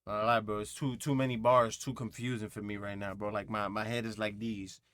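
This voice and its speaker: A man's voice: lowish voice, flat delivery, brisk, a bit bright, no echo. A man hosting a music reaction video, thinking aloud in a rambling, casual way with lots of fillers and asides.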